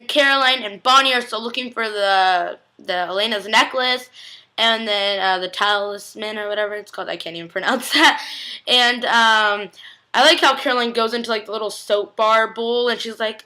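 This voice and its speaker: A woman's voice: on the high side, quick pace, bright, forceful tone. A young woman recapping a TV episode in a chatty, gushing way, emotional and close to tears, peppering her talk with "like" and acting out quotes. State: teary, on the verge of crying. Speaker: TV recap vlogger.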